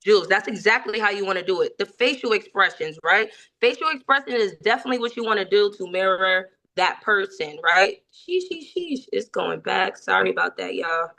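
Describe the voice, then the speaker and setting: A woman's voice: mid-range voice, lively intonation, normal speed, creaky, hardly any pauses, bright, forceful tone. A woman running a sales team training, talking energetically and checking in with frequent tag questions.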